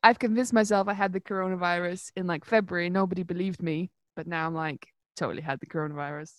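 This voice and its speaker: A woman's voice: on the low side, fairly even intonation, fast, dry recording. Young woman co-host, dry close sound, lingering cough, laughs a lot. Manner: laughs often. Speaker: podcast co-host. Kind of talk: casual chat over video call. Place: home in Manchester. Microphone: video call.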